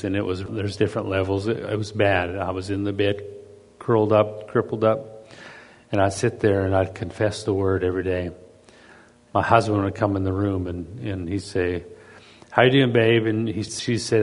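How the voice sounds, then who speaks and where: A man's voice: lowish voice, big-room sound. A man giving a sermon in a conversational storytelling manner, often repeating and restarting his words. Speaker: pastor.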